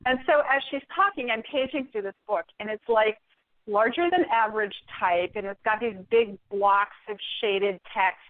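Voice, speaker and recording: A woman's voice: medium pitch, moderate pace, no room sound. Woman telling a story over a tinny phone line. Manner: animated, exasperated retelling. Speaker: guest. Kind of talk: storytelling in a podcast interview. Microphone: phone call.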